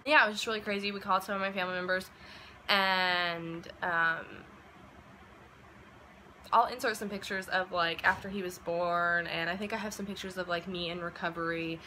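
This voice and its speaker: A woman of about twenty telling a personal story in a casual, chatty way, with many "like" and "um" fillers, and acting out quoted lines in a lively, animated way. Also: fairly low pitch, normal speed, slight background noise, low-quality recording. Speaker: vlogger.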